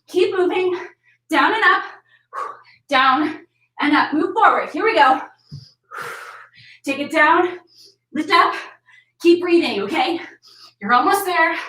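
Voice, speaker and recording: A woman's voice: extremely high pitch, sharp tone. Woman, fitness instructor, upbeat counting cues, storytelling workout, roomy, distant from mic. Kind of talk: workout class told as a story.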